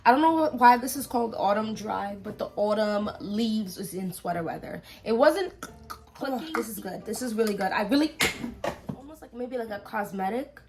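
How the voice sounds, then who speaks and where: A woman's voice: medium pitch, normal speed. A woman with an American accent, chatting to camera about scents she has bought and talking straight to her viewers. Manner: chatty, animated, talks to viewers directly. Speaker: fragrance vlogger. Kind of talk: casual haul review to camera.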